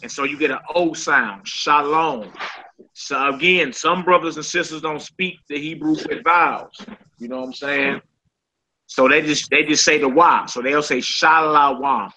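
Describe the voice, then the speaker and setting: A man's voice: fairly high pitch, steady tone, normal speed, pushed and bright, a little hiss or hum, rough recording. A man teaching a Hebrew class in an informal, conversational way, often checking in with his students. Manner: informal, repeats "you know what I'm saying".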